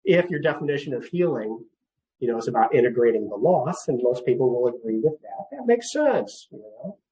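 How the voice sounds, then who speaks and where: A middle-aged man counseling on grief in a seminar talk, gentle and repetitive, with frequent light chuckles. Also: mid-range voice, big pitch swings, brisk, rough recording. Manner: gentle, repeats words, chuckles often.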